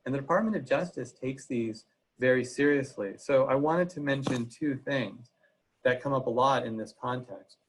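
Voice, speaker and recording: A man's voice: medium pitch, moderate pace, slight background noise, rough recording. A man giving a legal presentation on a video call, speaking conversationally with frequent "uh" fillers. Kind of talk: webinar presentation.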